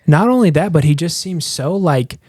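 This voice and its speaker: A man's voice: a little high, expressive, a little mellow, no echo, clean studio sound. Emphatic man riffing on football. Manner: fast, emphatic, rambling with restarts. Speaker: podcast co-host. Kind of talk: casual sports chat.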